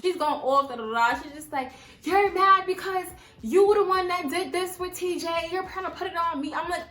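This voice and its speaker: A young woman from New York tells a story to camera, animated and full of slang, acting out each side of the argument. Her voice sits a little high and rings in an echoey room. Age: 20s. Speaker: vlogger. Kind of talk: story time vlog.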